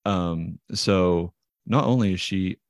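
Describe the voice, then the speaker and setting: A man's voice: low-pitched, takes it slowly, no room sound. A man, a ballplayer guest telling rambling, self-deprecating stories in an interview. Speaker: interview guest, baseball player. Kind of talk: casual storytelling interview.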